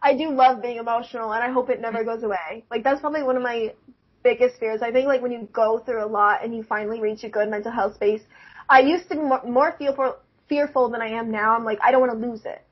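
Young woman, high voice, husky, chatty, laughs a lot, lo-fi recording. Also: fairly even intonation, fast. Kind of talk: casual chat. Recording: dull lo-fi recording.

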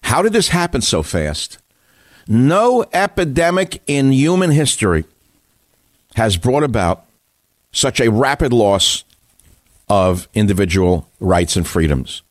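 A man's voice: mid-range voice, big pitch swings, takes it slowly, long pauses, dry recording, studio quality. A man hosting a radio talk show, delivering an indignant monologue full of rhetorical questions.

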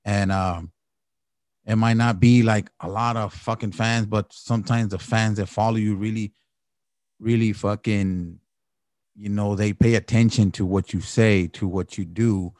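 A man's voice: on the low side, fairly even intonation, a little slow, a little mellow, no echo, clean studio sound. A man hosting a podcast who reviews a song in casual chat. He rambles loosely and swears freely. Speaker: podcast host reviewing music.

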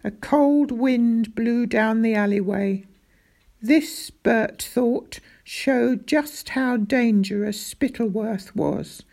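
A woman reading a children's novel aloud in measured narration. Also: a little high, vocal fry, dark tone. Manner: measured storytelling. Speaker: audiobook narrator. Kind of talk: scripted narration.

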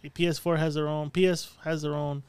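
Fast-talking high-voiced man joking around. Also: little pitch movement, darkish tone, smooth, no room sound. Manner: joking, teasing, crude banter. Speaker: podcast co-host. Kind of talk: casual chat.

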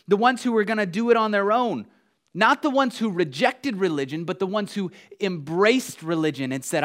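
Male pastor mid-sermon, somewhat high voice, emphatic delivery with quiet drops and repeated lines. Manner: emphatic, swings from hushed lows to raised exhortation; repeats key phrases for emphasis.

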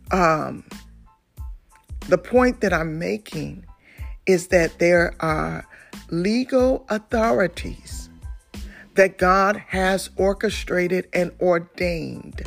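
A woman's voice: fairly low pitch, creaky. A woman preaching a sermon in a conversational way, with fillers and restarts.

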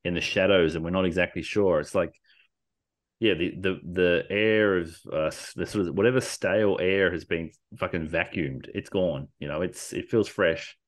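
A man's voice: sits low, steady tone, moderate pace. A man hosting a casual podcast chat, rambling with lots of fillers and the odd swear word.

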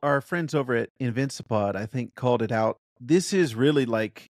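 A man's voice: medium pitch, expressive, normal speed. An enthusiastic man co-hosting a review podcast, chatting casually with a mid-range voice. He thinks aloud and circles back on his points. The sound is dry and close, with no room echo. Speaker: podcast co-host reviewing a show.

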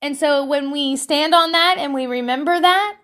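A woman in her thirties chatting casually to camera at home, animated and swearing, acting out voices as she tells stories. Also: sits high, normal speed. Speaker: vlogger giving life advice.

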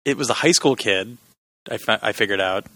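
A man's voice: fairly low pitch, a little fast, bright, forceful tone, no echo. A man co-hosting a casual podcast, telling stories and teasing his co-host. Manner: joking, teasing storyteller. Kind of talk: casual chat.

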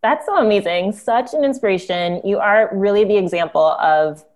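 A woman's voice: mid-range voice, moderate pace, a little mellow. A woman hosting a podcast who responds with enthusiasm and asks her guest questions in a casual chat. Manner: enthusiastic, affirming reactions. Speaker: podcast host.

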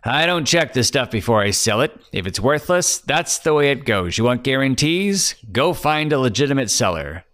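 A man voicing a gruff, suspicious middle-aged pawnbroker who growls out blunt answers. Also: medium pitch, sing-song, moderate pace, hardly any pauses, fairly bright tone, voice pushed up.

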